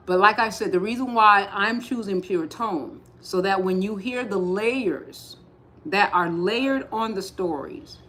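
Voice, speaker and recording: A woman giving a slow, repetitive spiritual talk on a livestream, speaking with emphatic insistence. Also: mid-range voice. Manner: rising to forceful insistence. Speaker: spiritual teacher.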